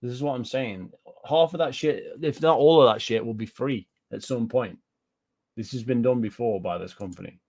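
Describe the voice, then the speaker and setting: A man's voice: medium pitch, moderate pace, darkish tone. Profane British man ranting about games. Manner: ranting, profane, repeats himself, answers live chat. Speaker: gaming commentator. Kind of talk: casual reaction commentary.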